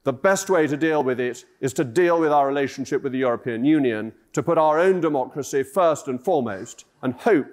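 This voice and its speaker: Man, grave and measured speechmaker, mid-range voice. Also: medium pitch, a little mellow. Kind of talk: political speech.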